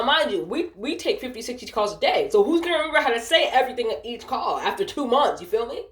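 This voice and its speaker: A young woman telling a casual storytime rant, animated and profane, acting out the people she quotes in a higher voice. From Ohio, United States. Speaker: vlogger. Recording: echoey room.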